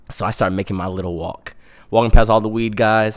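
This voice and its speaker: Young man, comic storytelling, animated, self-mocking. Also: on the low side, fast talker, clean tone.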